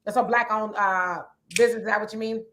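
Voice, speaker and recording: A woman with a raspy voice co-hosting a casual livestream chat, reading viewer comments aloud and answering them in a conversational way. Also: medium pitch, steady tone, fast, a bit bright, slight background noise. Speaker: livestream co-host.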